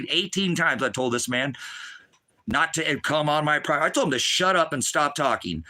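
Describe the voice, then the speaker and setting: A middle-aged man preaching on a livestream, ranting in anger with constant swearing, swinging between shouting and low muttering. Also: lively intonation, moderate pace. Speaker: ministry preacher. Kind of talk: angry livestream rant.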